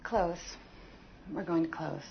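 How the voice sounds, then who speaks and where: A rueful young shop owner. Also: female voice, fairly low pitch, slow, gravelly, a little hiss or hum. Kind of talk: film dialogue. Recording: dull lo-fi film clip.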